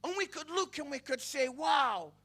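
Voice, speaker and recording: A young evangelist delivers a fervent sermon in a notably high voice for a man. He builds to loud, excited bursts, then drops to hushed confessions, and trips over his words with repeated stammered starts. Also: a little fast. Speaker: evangelist preacher. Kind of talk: passionate sermon.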